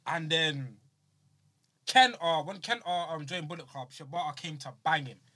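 A man chatting casually about wrestling as a podcast co-host, excitable and slangy, telling stories with animation. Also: on the high side, moderate pace.

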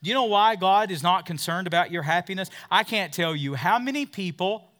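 A male pastor preaching a fervent sermon, drawing call-and-response from the congregation and swinging between loud peaks and hushed asides. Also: high-pitched, lively intonation, fairly quick. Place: church service with a congregation.

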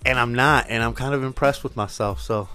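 A man's voice: mid-range voice, brisk, pushed and bright, soft background music. A man from Minnesota hosting a casual solo podcast, talking in a loose, profane, rambling way. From Minnesota, US Midwest. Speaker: podcast host.

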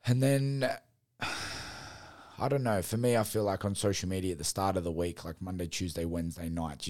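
A man's voice: deep voice, a little mellow, no room sound, studio quality. A man in his thirties musing candidly on a solo podcast, rambling with many fillers and swear words. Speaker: podcast host and gym owner. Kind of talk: casual solo podcast reflection.

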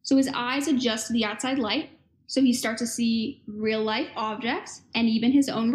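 A woman's voice: on the high side, fairly even intonation, normal speed, echoey room. A young woman casually explaining a text in a playful, chatty way. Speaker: student presenter.

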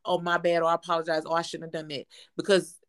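A woman's voice: lowish voice, completely flat delivery, fast. A woman co-hosting a podcast who talks bluntly and emphatically in casual chat. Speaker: podcast co-host.

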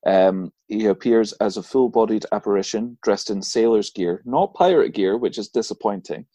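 A man with a low voice, recorded dry and close, co-hosts a casual podcast. He reads out ghost stories in a relaxed way, breaking into laughs and casual swearing. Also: normal speed, no room sound. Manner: laughs often and swears freely while reading out stories. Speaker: podcast co-host.

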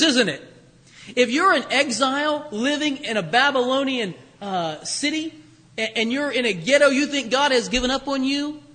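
Male pastor, conversational sermon, slightly husky and high, lifts his voice for key points. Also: bright, forceful tone, long reverb tail. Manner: conversational preaching, rising for emphasis.

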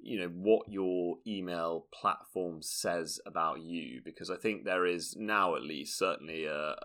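A man's voice: low-pitched, a little slow, a bit bright. A man co-hosting a podcast in casual comedic chat, playful and jokey. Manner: playful, jokey, puts on silly voices. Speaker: podcast co-host.

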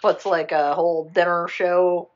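A woman in casual chat, retelling a film plot in a rambling, animated way, jumping into quick character voices and swearing freely. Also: lowish voice, highs cut off. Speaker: podcast co-host retelling a film.

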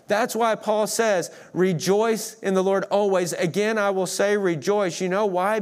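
A man preaching a sermon, earnest, swinging between emphatic declarations and hushed moments. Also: high voice. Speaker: pastor.

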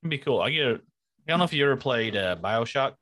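A man's voice: mid-range voice, expressive, fast talker, fairly bright tone, no room sound, clean studio sound. A man co-hosting a casual podcast, bantering and laughing easily. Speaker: podcast co-host. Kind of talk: casual chat.

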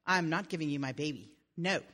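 A woman playing a frightened young girl who stammers and pleads. The voice is bright and quick, as in a spoken fairy tale. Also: sits low, in a large hall, pitched below the performer's own voice. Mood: desperate.

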